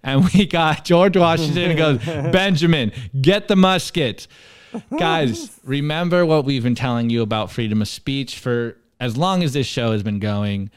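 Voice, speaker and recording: A man's voice: mid-range voice, expressive, normal speed, few pauses, smooth, no room sound, studio quality. A man co-hosting a podcast, reading memes aloud in a casual, emphatic and mocking way. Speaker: podcast co-host.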